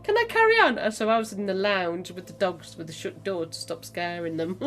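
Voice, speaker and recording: A woman's voice: lowish voice, normal speed, slight background noise. A woman, a mother co-hosting a casual podcast chat, who tells stories and laughs often. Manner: laughs often, chatty storytelling. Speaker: podcast co-host; mother of co-host.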